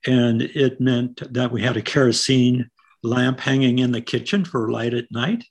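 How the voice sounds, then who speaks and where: An older American man from Iowa, a poet and writer, recalling his past in an unhurried, reflective interview style. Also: medium pitch. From Iowa, United States. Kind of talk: reflective conversational storytelling.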